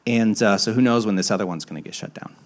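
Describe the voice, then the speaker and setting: A young adult man, a pastor, preaching a sermon in a candid, self-deprecating storytelling manner, with frequent restarts, moving between emphatic rises and quiet, low asides. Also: quick pace.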